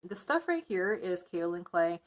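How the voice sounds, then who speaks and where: Woman, low-ish voice, casual how-to narration, chatty, many ums. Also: very animated, moderate pace. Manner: chatty, explains step by step with fillers. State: muffled by a face mask. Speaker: soap maker.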